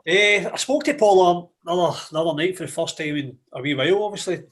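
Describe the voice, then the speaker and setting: A man's voice: high-pitched, fast. A Scottish man, an assistant football manager, telling cheeky swearing stories in casual chat. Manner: animated, swearing anecdotes. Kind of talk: casual storytelling.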